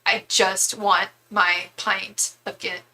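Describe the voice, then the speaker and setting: A woman playing a bored, impatient male TV host, flat and whiny. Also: mid-range voice, slow, exaggerated voice, poor audio.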